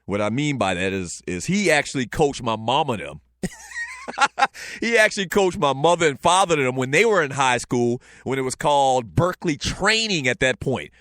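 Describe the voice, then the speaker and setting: A man in his forties with a Southern Lowcountry accent, hosting a casual talk show, telling stories loosely and joking with the chat. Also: huge pitch swings, normal speed, a bit bright, no echo. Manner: loose, joking, storytelling with frequent fillers. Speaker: show host.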